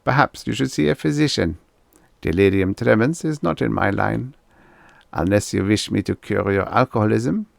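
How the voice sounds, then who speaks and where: A man's voice: on the low side, normal speed, creaky, no echo, voice pushed up. A man voicing a small, formal male psychiatrist with a German accent. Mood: clinical.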